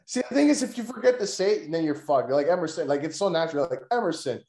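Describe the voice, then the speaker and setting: A man hosting a podcast, joking loudly and swearing in crude, excitable banter. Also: a little high, racing, roomy sound. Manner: loud, joking, profane, excitable. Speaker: podcast host. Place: room recorded in person.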